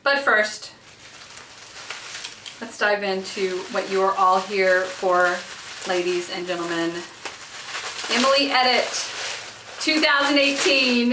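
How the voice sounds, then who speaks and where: A woman in her thirties who has children, excitedly unboxing makeup in a casual vlog recorded in her bathroom, gushing with lots of fillers. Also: medium pitch, slow, long pauses, noisy background. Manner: giddy and gushing, with many fillers. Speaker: beauty vlogger. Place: home bathroom. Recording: echoey bathroom, mic a bit far off.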